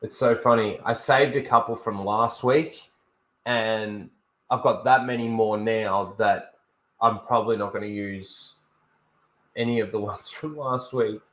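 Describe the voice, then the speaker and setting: A man hosting a livestream in relaxed, rambling casual chat, talking to his viewers as he sets things up. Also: fairly low pitch, a little slow. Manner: relaxed, rambling, talks to viewers while setting up. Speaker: livestream host.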